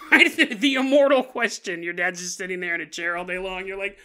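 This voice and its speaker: A man's voice: sits high, fairly quick, pushed and bright. A man hosting a paranormal podcast, retelling a story casually with joking asides and laughter. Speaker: podcast host.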